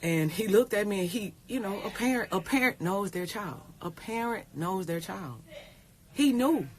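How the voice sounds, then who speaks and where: A woman's voice: mid-range voice, expressive, normal speed, a little hiss or hum. A woman, talking in a rambling, tearful way on a phone livestream, repeating herself and swearing. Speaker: pro basketball player. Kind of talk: casual livestream talk.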